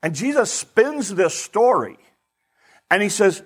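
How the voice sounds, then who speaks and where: A male pastor preaching a sermon in an animated way, asking his listeners rhetorical questions. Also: high-pitched, a little slow, husky.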